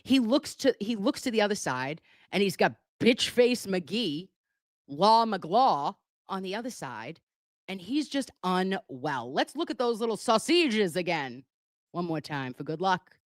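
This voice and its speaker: A woman's voice: mid-range voice, big pitch swings, unhurried, no echo, clean studio sound. A woman hosting a casual live stream on a webcam, chatty and joking as she reads viewer messages aloud. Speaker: livestream commentator.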